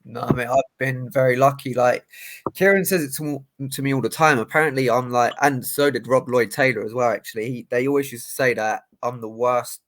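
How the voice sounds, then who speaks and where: A man's voice: mid-range voice, a little fast, a bit bright. Easygoing man in casual chat. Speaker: podcast co-host and boxer.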